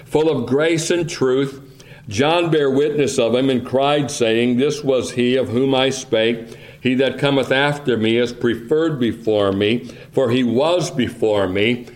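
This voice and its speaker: A man preaches at a very slow, deliberate pace, drawing out each phrase. He reads King James scripture in a measured, reverent cadence. His voice sits at a middling pitch. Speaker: pastor. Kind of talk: sermon.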